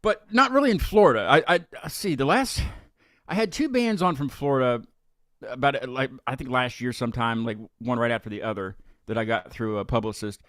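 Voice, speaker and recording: A man's voice: medium pitch, a little fast, fairly bright tone, dry recording, clean studio sound. A man hosting a live music talk show, chatting casually and rambling with frequent restarts and fillers. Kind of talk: casual live-stream chat.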